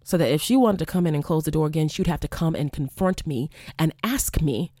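A young woman, a former college teacher, hosting a candid storytelling monologue, profane and animated, acting out quoted exchanges. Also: low-pitched, a little fast, dry recording, clean studio sound.

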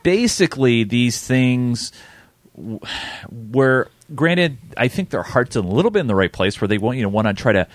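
A man's voice: mid-range voice, expressive, normal speed, no echo. A man in his thirties hosting a podcast, rambling a little and laughing easily, on a close desk mic. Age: 30s. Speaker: podcast host. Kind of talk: casual chat.

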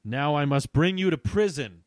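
A man's voice: fairly high pitch, expressive, moderate pace, no room sound, close to an everyday voice. Man doing formal army general, regretful but firm, story read aloud. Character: stern but apologetic male army general.

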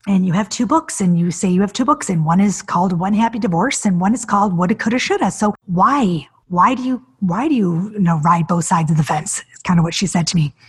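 A woman in her forties hosting a podcast, telling her own story in an animated, emotional way. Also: fairly quick, few pauses, husky. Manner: animated, acts out quoted voices with big pitch jumps; emotional, near tears. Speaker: podcast host. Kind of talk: personal storytelling monologue.

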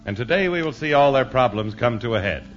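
A man's voice: animated, brisk, background noise. A male announcer introducing a sketch in formal 1950s radio style. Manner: booming, formal. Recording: dull old radio broadcast with music.

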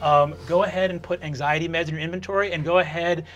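A man running a tabletop game as game master, talking in a casual, quick way with fillers. His voice is bright and slightly high, with faint music behind. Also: steady tone, muffled recording.

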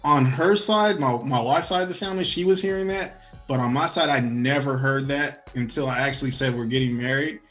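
Fast-talking candid man in his thirties. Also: medium pitch, fairly bright tone, faint music behind. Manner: candid, laughing, storytelling. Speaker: podcast co-host. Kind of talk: casual chat.

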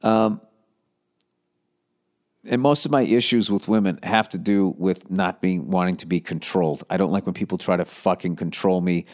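A man hosting a podcast, reading listener letters and giving blunt, profane, rambling advice with mock exasperation. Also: sits low. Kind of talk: casual profane advice rant.

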